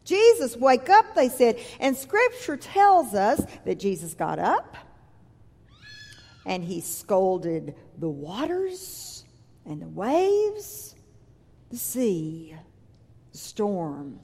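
A woman's voice: medium pitch, huge pitch swings, drawn-out words, pauses often, darkish tone, husky. A woman preacher giving a sermon in a church, reading scripture and then retelling it in a conversational, vivid way. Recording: long reverb from a large hall.

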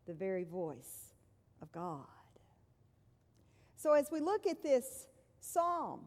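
Slow, high-voiced woman preaching in a hall. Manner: measured, dropping to soft hushed tones for emphasis. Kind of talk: sermon. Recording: long reverb in a large hall.

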